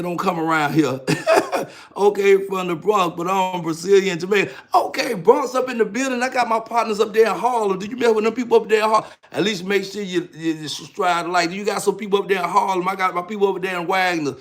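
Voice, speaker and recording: A man's voice: high voice, fairly even intonation, quick pace. A man in his fifties from Georgia with a Southern accent, hosting a casual livestream and telling stories in slangy, hyped talk. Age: 50s. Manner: hyped, slangy, repeats "know what I'm saying". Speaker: livestream host, author.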